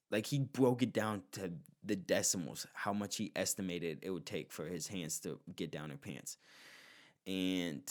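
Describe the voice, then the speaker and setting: A young adult man hosting a podcast, telling a personal story in a casual, animated way with incredulous asides. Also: low-pitched, a little slow. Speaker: podcast host.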